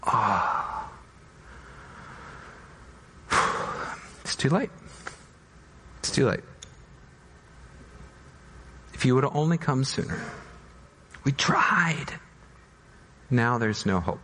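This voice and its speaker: A male pastor preaching a dramatic sermon, voicing doubters in high anguished tones and dropping to soft, slow pleas. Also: expressive, a little hiss or hum. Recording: long hall reverb.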